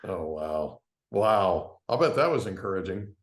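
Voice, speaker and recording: A man's voice: low voice, lively intonation, measured pace. A man hosting a casual podcast interview, encouraging his guest with frequent short affirmations and follow-up questions. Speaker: podcast host. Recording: echoey room.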